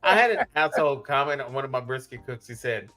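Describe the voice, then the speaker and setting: A middle-aged man co-hosting a casual live chat, telling stories in an animated way and laughing often. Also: medium pitch, fast.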